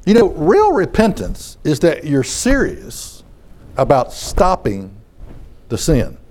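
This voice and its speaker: Lively, high-toned man preaching. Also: slow. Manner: conversational, repeats phrases, restarts. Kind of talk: sermon. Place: in front of a congregation.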